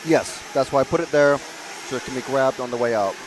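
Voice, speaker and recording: A man's voice: mid-range voice, fairly quick, noisy background. An American man co-hosting casual live race commentary, easygoing and a little hesitant as he banters. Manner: easygoing, hesitant, laughs along. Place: indoor RC race track venue.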